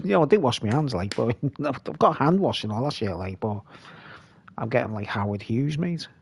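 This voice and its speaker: A man's voice: medium pitch, lively intonation, moderate pace, gravelly, breathy edge. A man giving rambling, chatty live commentary while streaming a game, calling his viewers "mate".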